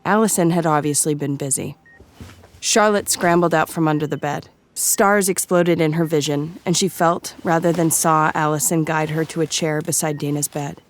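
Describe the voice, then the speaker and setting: A woman giving measured, scripted audiobook narration. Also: low-pitched, steady tone, slight background noise.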